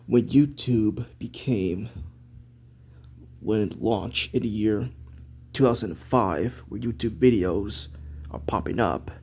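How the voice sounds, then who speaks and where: A man hosting an amateur web series, telling a rambling story in halting, casual speech with frequent restarts. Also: lowish voice, darkish tone. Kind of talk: casual hobby role-play chat.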